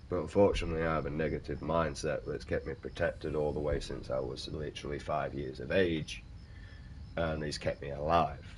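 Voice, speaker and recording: A young British man with a very deep voice, swearing and ranting casually while chatting to viewers on a stream. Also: slight background noise. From United Kingdom. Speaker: gaming streamer. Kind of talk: casual livestream chat.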